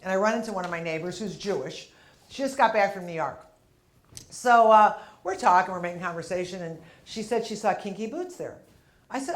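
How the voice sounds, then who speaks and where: A middle-aged woman performing stand-up comedy at a medium pitch. She tells stories and acts out other people's lines with big, drawn-out exclamations. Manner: animated storyteller acting out characters with big exclamations. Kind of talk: stand-up routine.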